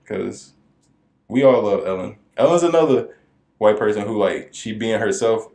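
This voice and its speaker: A young man with a lowish voice co-hosts a podcast, bantering and joking in an animated way. His delivery is loose and conversational. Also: normal speed, gravelly. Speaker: podcast co-host. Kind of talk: casual chat.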